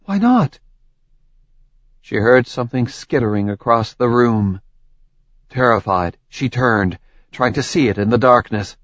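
A man reading a story aloud in slow, tense scripted narration. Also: mid-range voice, steady tone, fairly bright tone, dry recording. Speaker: audiobook narrator. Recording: dull lo-fi, dry recording.

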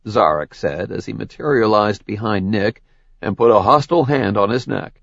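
A man narrating an audiobook in an unhurried, measured way. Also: lowish voice, vocal fry, dry recording, highs cut off. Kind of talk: scripted narration.

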